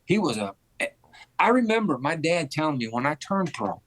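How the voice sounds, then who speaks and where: A man in his fifties, a former boxing champion, telling animated stories in a casual interview and repeating phrases for emphasis. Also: a little high, moderate pace, no echo.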